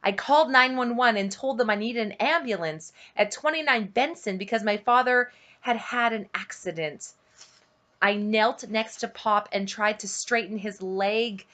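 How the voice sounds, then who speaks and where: A woman reading a novel aloud at home, unhurried and dramatic, dropping to a hush at tense moments. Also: on the high side. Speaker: audiobook reader on her channel.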